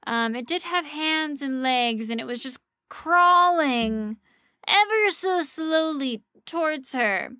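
A woman host casually telling a ghost story on a podcast, animated and swearing freely. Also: high voice, takes it slowly, no echo, clean studio sound.

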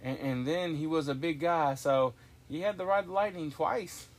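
A man's voice: on the high side, normal speed. A man hosting a podcast in casual chat, rambling and enthusiastic with lots of restarts. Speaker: podcast host.

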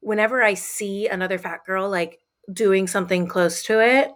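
A young adult woman co-hosting a podcast, speaking candidly and emphatically. She talks in loose, relaxed chat and drops the odd swear word. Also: medium pitch, normal speed. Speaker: podcast co-host. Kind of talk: casual chat.

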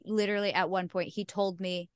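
A woman's voice: mid-range voice, little pitch movement, fairly quick, clean tone, no room sound, clean studio sound. A young woman, a singer-songwriter guest on a podcast, talking frankly in casual chat, swearing freely and laughing at herself.

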